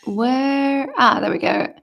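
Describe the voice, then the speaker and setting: A woman's voice: high-pitched, slow pace, gravelly, fairly bright tone. A woman with a southern English accent, chatting casually on a livestream Q&A, reading fan comments aloud and answering in a reflective, hesitant way with many ums. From England. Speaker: singer answering fan questions.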